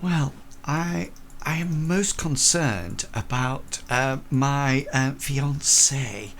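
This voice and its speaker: Man putting on a fretful young Victorian lady, polite, halting, voice lifted above his own. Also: medium pitch, fairly bright tone, slight background noise, voice pushed up. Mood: worried. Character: worried upper-class Victorian young lady.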